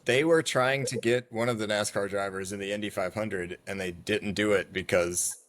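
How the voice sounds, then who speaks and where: A man's voice: lowish voice, steady tone, moderate pace, fairly bright tone. A man co-hosting a racing podcast, chatty and telling stories in casual chat. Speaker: podcast co-host.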